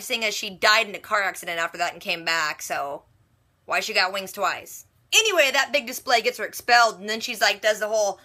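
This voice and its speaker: Bright, chatty young woman recapping a show. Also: mid-range voice. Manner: paraphrases characters with quick quoted asides. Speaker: reaction video host. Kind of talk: casual episode recap.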